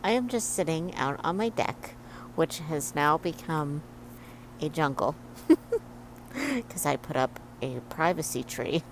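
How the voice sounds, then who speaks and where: A young woman chatting casually about her reading for a vlog. She speaks slowly in a lowish voice, laughing often and wandering through fillers and restarts. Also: slight background noise. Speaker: book vlogger. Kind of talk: casual chat.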